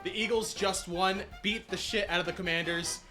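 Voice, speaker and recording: A man hosting his own stream's awards show, excitable and rambling, a bit out of breath. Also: sits high, normal speed, music in the background. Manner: excitable, rambling, self-deprecating. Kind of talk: casual live-stream hosting.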